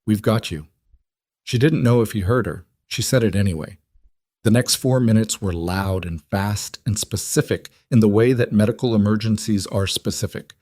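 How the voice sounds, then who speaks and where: A man narrating a scripted story in a measured, steady delivery. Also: fairly low pitch, no echo, studio quality.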